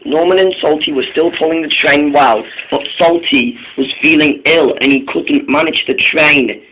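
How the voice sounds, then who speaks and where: A man's voice: on the high side, moderate pace, a little hiss or hum. A man narrating a toy-train story in an informal, eager way. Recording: tinny phone-like sound.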